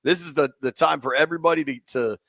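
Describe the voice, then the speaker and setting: High gravelly sports radio host. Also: male voice, fast talker, a bit bright, no room sound. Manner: casual, slangy, takes calls.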